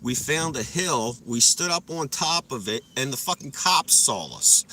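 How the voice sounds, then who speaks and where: A man's voice: mid-range voice, expressive, measured pace, long pauses, bright, forceful tone. A young man livestreaming, telling rambling stories full of swearing and laughing at them as he goes. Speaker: livestreamer chatting with viewers. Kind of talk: casual storytelling.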